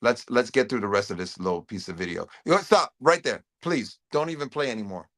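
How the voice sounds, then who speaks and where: A middle-aged man talks casually to his livestream audience at an ordinary pitch. He often repeats and restarts words and reads viewer comments aloud. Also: animated, fairly quick, a bit bright. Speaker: host.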